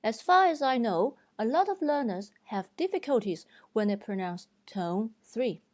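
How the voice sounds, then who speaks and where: Slow, careful female Mandarin tutor. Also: lively intonation, darkish tone, no room sound. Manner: clear, deliberate, demonstrating pitches. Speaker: Mandarin teacher.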